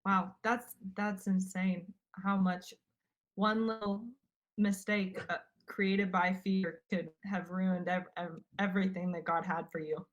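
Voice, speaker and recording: A woman's voice: medium pitch, level tone, slow pace. A woman hosting a casual interview, hesitant with many fillers. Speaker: host. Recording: dull lo-fi audio.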